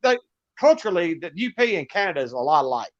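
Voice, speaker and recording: A man's voice: a little high, very animated, quick pace, dry recording, highs cut off. A middle-aged man with a Southern US accent, chatting as a guest on a livestream and telling rambling, laughing stories in a folksy way. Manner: folksy, rambling storyteller who laughs often. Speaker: guest musician. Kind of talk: casual livestream chat.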